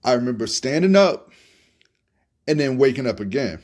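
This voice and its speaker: A man's voice: mid-range voice, big pitch swings, moderate pace, a little mellow. Laid-back profane man telling stories. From Tampa, Florida. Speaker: podcast host telling stories. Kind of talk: casual storytelling monologue.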